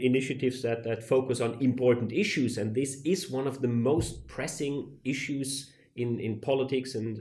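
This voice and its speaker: A male professor answering interview questions in a measured, deliberate way, often pausing to search for words. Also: medium pitch, mellow.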